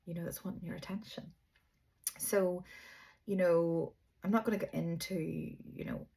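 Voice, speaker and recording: A woman's voice: fairly low pitch, creaky, darkish tone, slightly rough. A middle-aged woman, a yoga teacher, giving a chatty, rambling, encouraging spiritual talk. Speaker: yoga teacher and energy reader. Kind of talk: casual spiritual monologue.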